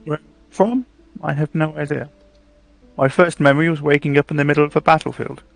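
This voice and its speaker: A man voicing a quiet metal construct with no memory, speaking slowly and reflectively in a tabletop role-play. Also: a little high, steady tone, creaky, no echo, faint music behind. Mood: wistful.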